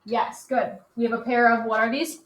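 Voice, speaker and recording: A woman teaching a geometry lesson to a class, upbeat and quick to laugh with her students. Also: a little high, steady tone, a bit bright. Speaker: math teacher. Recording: echoey classroom, faint noise.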